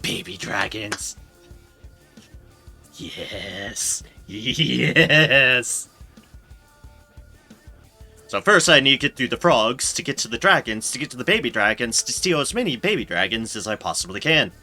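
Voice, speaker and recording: A man giving excitable, gushing let's-play commentary on a video game, swearing now and then. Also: mid-range voice, fast talker, hardly any pauses, faint music behind. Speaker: streamer.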